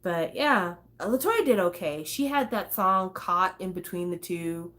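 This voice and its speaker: A woman's voice: fairly low pitch, lively intonation, a little slow, a bit bright. A woman hosting a casual talk stream, chatty and swearing, breaking into snatches of songs. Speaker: host. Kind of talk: casual chat.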